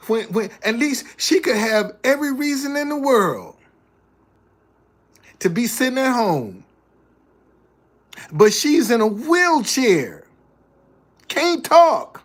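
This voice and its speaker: A man's voice: high voice, a bit bright. A man giving a motivational talk indoors in a preachy way, repeating his key lines for emphasis. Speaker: motivational speaker. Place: indoors, a hot room.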